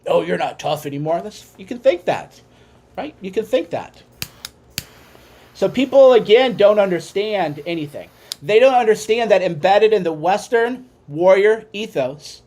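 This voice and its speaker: A man hosting a podcast, giving an impassioned ranting monologue that swings from quiet musing to shouting. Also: high voice. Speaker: podcast host.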